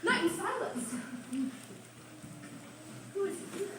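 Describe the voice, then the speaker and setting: A woman playing a mischievous male fairy sprite on stage, speaking stealthy, hushed verse. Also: extremely high pitch, very animated, takes it slowly, full character voice. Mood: sly. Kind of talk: amateur stage acting. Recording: echoey stage recorded from far off, noisy.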